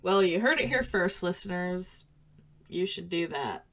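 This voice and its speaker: A woman's voice: fairly low pitch, animated, measured pace, fairly bright tone. A woman co-hosting a podcast in casual chat, rambling and laughing easily. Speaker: podcast co-host.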